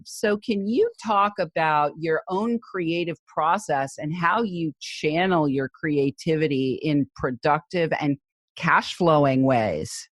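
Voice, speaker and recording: A woman with a New England accent hosts a podcast, upbeat and playful as she leads the interview. Her voice sits on the low side and sounds dry and close to the mic. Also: slow pace, dry recording. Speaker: podcast host. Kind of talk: interview hosting.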